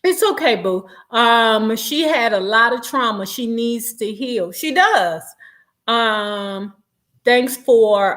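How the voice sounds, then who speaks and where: High-pitched woman, sassy and cussing, gossiping on a livestream. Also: slow pace. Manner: animated, profane, sassy. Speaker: vlogger. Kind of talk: livestream gossip chat, reading comments.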